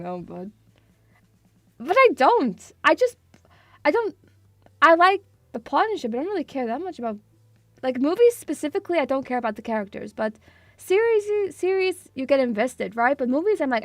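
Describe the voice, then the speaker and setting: A woman with a high, sing-song voice chats at a normal pace with her stream viewers, laughing a lot, swearing freely and poking fun at herself while working through a quiz. She's a VTuber doing a casual live stream, recorded dry and at studio quality.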